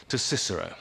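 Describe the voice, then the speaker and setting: An actor playing a shrewd statesman who briskly gives orders in a period drama. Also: pushed and bright, a little hiss or hum.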